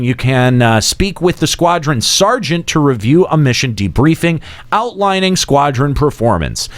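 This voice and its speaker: A man's voice: medium pitch, no room sound. A man co-hosting a gaming podcast, reading patch notes aloud with joking asides. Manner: reads in a steady flat delivery, breaks into mocking jeers. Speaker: podcast co-host.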